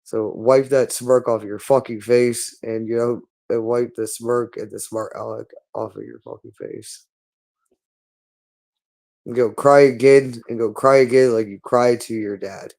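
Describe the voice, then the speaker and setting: A man's voice: mid-range voice, steady tone, unhurried, gravelly, a little mellow. A man speaking in a hostile, repetitive monologue, berating someone and swearing constantly. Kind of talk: angry monologue.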